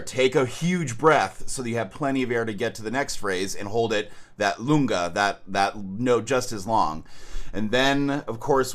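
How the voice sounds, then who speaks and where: A man coaching a student in a horn masterclass, talking casually with many "like"s and singing phrases to show them. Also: medium pitch. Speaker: horn teacher.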